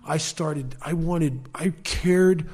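A fairly high-voiced man shares his recovery story, earnest and emphatic. He throws in wry, self-mocking humor along the way. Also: slow, darkish tone, husky. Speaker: speaker sharing at a recovery meeting. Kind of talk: personal storytelling talk.

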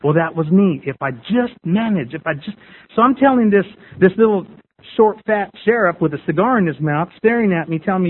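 A man's voice: high-pitched, animated, a little fast, breathy edge. A man candidly sharing his recovery story with a group, talking in a repetitive, storytelling way. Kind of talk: personal testimony to a group. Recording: tinny phone-like radio sound.

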